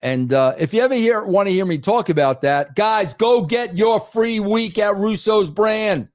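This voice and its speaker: A man's voice: high-pitched, lively intonation, normal speed, soft background music. A middle-aged man hosting a wrestling show, ranting in a crude, exasperated way and repeating himself for emphasis. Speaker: host. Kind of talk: ranting commentary.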